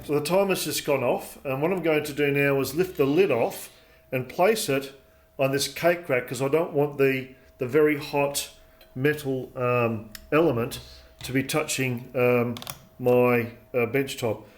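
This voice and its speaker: Guy demoing a recipe at home, calm and explainy, lots of uhs and ums. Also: medium pitch, a little hiss or hum. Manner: calm, explanatory, with frequent pauses and fillers. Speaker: home cook demonstrating a recipe. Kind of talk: step-by-step cooking demonstration. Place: home kitchen.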